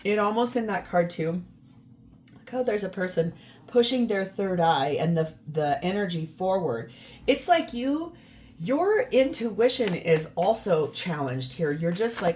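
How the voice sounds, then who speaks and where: A woman's voice: mid-range voice, animated, measured pace, darkish tone, slight background noise. A woman giving a casual tarot reading to camera, emphatic and exasperated, often repeating words for stress. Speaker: tarot reader.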